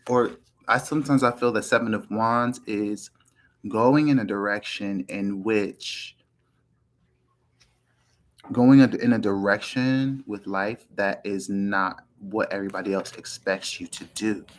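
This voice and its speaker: A man giving a casual tarot reading, meandering with frequent ums and restarts and often clearing his throat. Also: lowish voice, fairly even intonation, measured pace, rough recording. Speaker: tarot reader.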